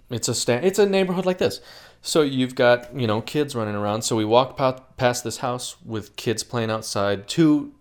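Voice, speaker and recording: A man's voice: fairly low pitch, clear, resonant tone. A man in casual chat, telling a long story with lots of swearing and filler words. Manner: profane, rambling storytelling.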